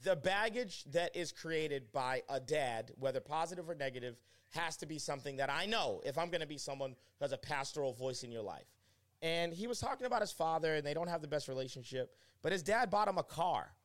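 A young man, a pastor, talking as a guest in a casual conversation and telling stories emphatically. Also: a little fast. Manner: animated, emphatic storytelling with pitch swings.

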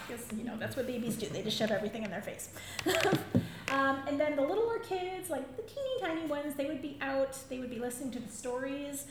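Animated, laughing woman telling stories. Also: high voice, a little hiss or hum. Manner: animated, laughing, acts out voices. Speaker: storyteller and drum circle leader. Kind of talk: storytelling talk to a live audience. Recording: very echoey room, faint ambience.

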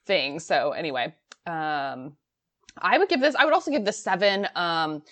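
A woman's voice: fairly low pitch, lively intonation, moderate pace, fairly bright tone. A woman co-hosting a podcast, chatting casually about a sitcom episode, laughing often and trailing off mid-thought. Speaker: podcast co-host.

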